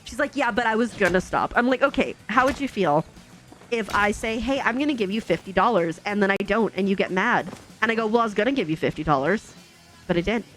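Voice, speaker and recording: A woman's voice: medium pitch, animated, a little fast, a bit bright, soft background music. A woman streamer telling a long family story in casual, chatty talk full of fillers.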